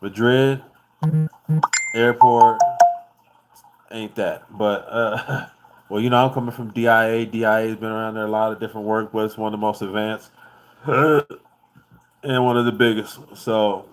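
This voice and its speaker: A man's voice: lowish voice, fairly even intonation, moderate pace, pauses often. A man from the United States telling a travel story in a loose, profane, laid-back way, laughing as he goes. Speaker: vlogger.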